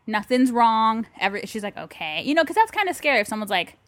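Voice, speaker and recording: A woman's voice: medium pitch, wildly swooping pitch, very fast, fairly bright tone, no echo. A woman co-hosting a podcast in casual chat, telling a story with animation and acting out both sides of a phone call. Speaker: podcast co-host. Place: bedroom.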